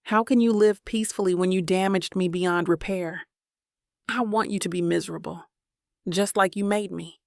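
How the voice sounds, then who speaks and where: A woman gives voice to a wealthy young man who is bitter and set on revenge. His threats come out cold, with a gravelly edge. The sound is dry and close. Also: lowish voice, steady tone, moderate pace, dry recording.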